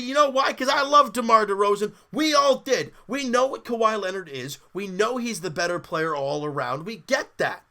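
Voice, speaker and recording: Bright-voiced fan venting about basketball. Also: male voice, high voice, a little fast. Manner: candid, exasperated fan talk with restarts. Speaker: sports podcast host. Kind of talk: casual live game commentary.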